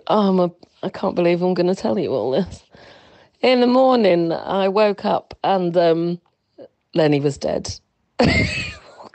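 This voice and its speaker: A woman calling in to a podcast, telling a story in a sheepish, giggly way. Her voice sits a little low and sounds dry and close, with no room around it. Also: darkish tone, no echo. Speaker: caller. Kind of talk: voicemail anecdote.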